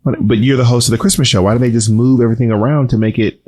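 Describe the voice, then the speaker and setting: A man co-hosting a casual chat, speaking softly and holding back his voice after surgery, teasing and mock-indignant. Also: medium pitch, fairly even intonation, rapid-fire. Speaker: podcast co-host.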